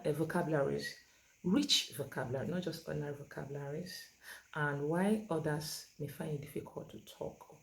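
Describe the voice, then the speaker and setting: A woman educator explaining how to talk with autistic children, stressing and repeating key words, with many pauses and fillers. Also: low voice, a little mellow. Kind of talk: instructional talk to parents.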